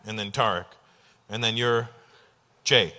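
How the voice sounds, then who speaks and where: A man doing stand-up comedy from Canada, animated and teasing the audience as he tells stories on a large theater stage. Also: on the low side, measured pace. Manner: animated, teasing audience members, puts on voices. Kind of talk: stand-up comedy with crowd work.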